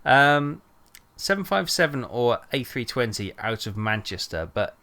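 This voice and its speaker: A man's voice: medium pitch, big pitch swings, a little slow, bright, forceful tone. A man streaming a truck driving game, rambling chattily and greeting viewers by name while he drives. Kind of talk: casual live-stream chat while driving.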